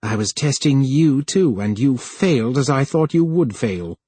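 A male narrator voicing a plump, scheming male official who sneers and then pleads in a higher voice. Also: animated, measured pace, mellow, slightly rough, dry recording. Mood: scornful.

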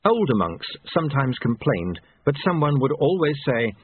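A man narrating an audiobook in a measured, dry reading style. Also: medium pitch, sing-song, husky, no room sound. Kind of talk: scripted narration. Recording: tinny phone-like audio.

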